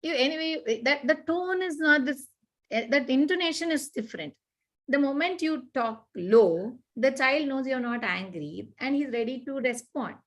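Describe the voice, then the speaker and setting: A woman talks through parenting advice in a conversation. She is earnest and animated, often acting out what parents and children say. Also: high-pitched, normal speed. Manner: earnest, repetitive, animated explaining with acted-out examples. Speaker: parenting expert guest.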